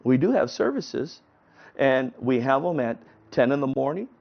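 A man voicing a calm, kindly male night custodian who speaks patiently and reassuringly. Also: medium pitch, moderate pace, creaky, voice pushed down. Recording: dull lo-fi recording.

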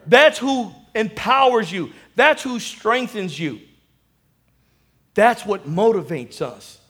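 A male pastor preaching a sermon, animated, calling for amen and swinging between loud and hushed. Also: high-pitched, slow pace.

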